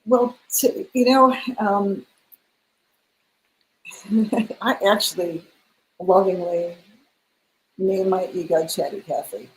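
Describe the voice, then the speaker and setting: A woman's voice: mid-range voice, slow, long pauses, low-quality recording. Middle aged woman telling a story, acts out the voices, bit of hiss behind. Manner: animated, acts out quoted dialogue. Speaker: guest, spiritual mentor. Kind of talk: storytelling in a casual interview.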